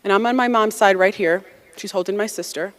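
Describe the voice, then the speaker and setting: A woman in her forties from the United States, telling a personal story to an audience in a lively, conversational way and acting out the quotes. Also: mid-range voice, fairly quick.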